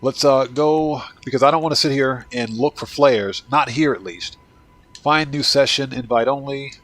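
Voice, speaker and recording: A congested man whose voice is giving out hosts a gameplay livestream at a medium pitch and moderate pace. He keeps things relaxed, talking to chat and thanking viewers by name.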